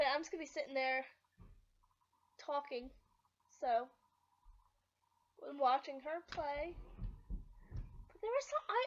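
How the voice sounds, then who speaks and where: A young woman vlogs casually from her bedroom, telling rambling stories to the camera with plenty of giggles. Her voice is high-pitched with a fairly bright tone, captured in a slightly dull lo-fi home recording.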